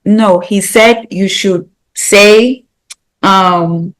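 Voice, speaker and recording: Animated woman from Africa. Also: extremely slow, rough recording. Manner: animated, jumps to high laughing bursts when telling stories. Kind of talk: casual group discussion.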